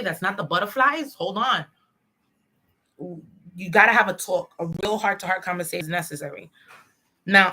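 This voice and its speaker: A woman's voice: on the low side, sharp tone. A woman giving a livestream tarot reading, talking bluntly and streetwise, with plenty of swearing and preachy advice. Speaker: tarot reader.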